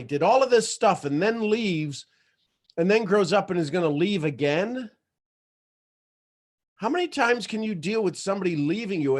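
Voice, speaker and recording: A man hosting a motivational livestream, talking in an emphatic, animated storytelling way. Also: on the high side. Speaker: motivational show host.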